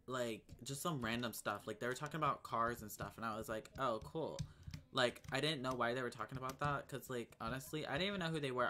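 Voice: medium pitch, sharp tone, slight background noise. A young adult gaming vlogger chatting casually while playing, full of slang, gasps and dramatic exclamations. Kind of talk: casual gaming commentary and chat.

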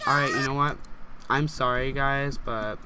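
A young man giving casual let's play commentary, excitable and gasping as he reacts and talks to his viewers. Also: mid-range voice, a little slow, background noise. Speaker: gameplay commentator.

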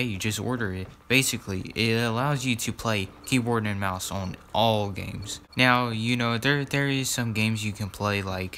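A man's voice: fairly low pitch, slight background noise. A man giving casual, rambling gameplay commentary as a gaming YouTuber, repeating words and filling gaps as he goes. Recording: loud gameplay gunfire underneath. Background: loud game gunfire.

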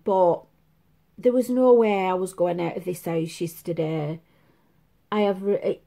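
Slow-talking woman in her fifties. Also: medium pitch. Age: 50s. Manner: rambling, confiding, chatty. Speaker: make-up vlogger. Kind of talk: casual chat. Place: at home, seated.

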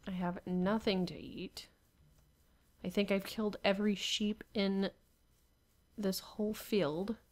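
Young woman playing a game and grumbling to herself, laughs a lot, mid-pitched voice. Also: fairly even intonation, slow pace, long pauses, darkish tone. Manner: exasperated, talks to herself, laughs often. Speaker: gamer. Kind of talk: Minecraft gameplay commentary.

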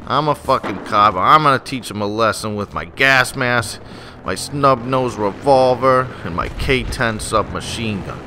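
A man's voice: mid-range voice, measured pace. A man doing live gameplay commentary on his channel, joking and swearing, on a desktop microphone. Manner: profane, joking, animated. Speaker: gaming channel host. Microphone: desktop USB microphone. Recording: noisy, game sounds behind. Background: shooter game sounds, vehicles.

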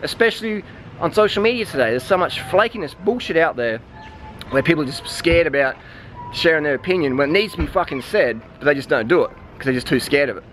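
A man's voice: on the high side, animated, fast talker, background noise. A man vlogging outdoors, giving a blunt, heavily profane, preachy rant to his viewers. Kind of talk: ranting vlog monologue.

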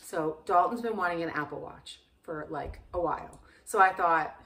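A woman's voice: on the low side, moderate pace, a bit bright, far from the mic, a little hiss or hum. Mom in her 40s chatting away, acting out everyone's lines, a bit off mic. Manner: chatty storyteller, acts out quotes. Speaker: podcast co-host. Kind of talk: casual chat. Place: home living room.

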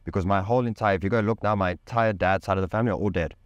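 A man with a very low, deep voice tells a personal story in an interview, recorded close and dry with no room sound. He speaks with intense emphasis, uses casual slang and swears freely. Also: racing, no echo, muffled recording. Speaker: podcast guest. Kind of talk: candid personal storytelling in conversation.

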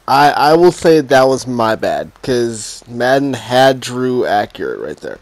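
A man in his thirties commentating his own football video game, swinging from muttered asides to loud, exasperated, swearing outbursts. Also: medium pitch, big pitch swings, unhurried, hardly any pauses, no echo. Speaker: gaming YouTuber playing a football video game. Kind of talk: casual live gameplay commentary.

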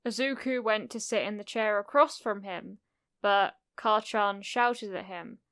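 A woman narrating a cozy fan fiction audiobook in a gentle, unhurried storytelling manner. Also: medium pitch, smooth, no echo, clean studio sound.

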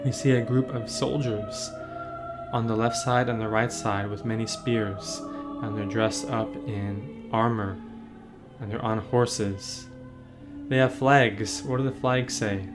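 A man, a priest, leading a catechism meditation on a painting, gently asking the listener questions and answering them. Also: fairly low pitch, fairly even intonation, slow, over music.

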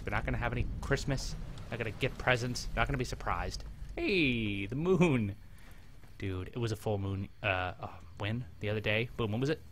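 A man casually commenting on his video game as he plays, rambling and joking, talking to his companion and breaking into sudden excited yelps. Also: mid-range voice, a little hiss or hum. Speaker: gameplay commentator. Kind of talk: casual let's-play commentary.

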